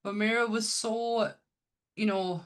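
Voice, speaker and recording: A woman's voice: mid-range voice, steady tone, slow pace, clear, resonant tone. A woman co-hosting a podcast, chatting enthusiastically about films with lots of restarts. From Northern England. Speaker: podcast co-host. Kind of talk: casual chat.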